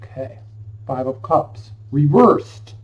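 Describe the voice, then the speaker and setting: A fairly high-voiced man chats his way through a tarot reading at home, rambling and effusive as he talks to the viewer. The sound is dull and lo-fi, with the mic set some way off from him. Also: expressive, takes it slowly, far from the mic. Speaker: tarot reader. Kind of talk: casual tarot reading to camera.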